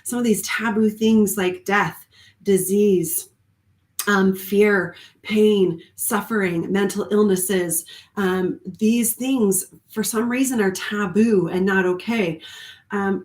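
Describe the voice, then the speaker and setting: A woman's voice: mid-range voice, fairly even intonation, takes it slowly, a little mellow, reverberant. A woman speaking as a spiritual coach on a live stream, talking earnestly and rambling with frequent ums and small laughs. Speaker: spiritual coach and card reader.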